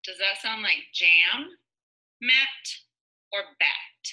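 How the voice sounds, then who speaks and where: Preschool teacher lady sounding out letters real slow, super bright voice. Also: medium pitch, lively intonation, rough recording. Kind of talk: online phonics lesson for young children.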